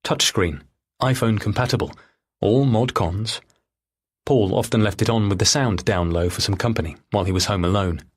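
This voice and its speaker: Male audiobook narrator, lowish, husky, measured and steady. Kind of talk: scripted narration.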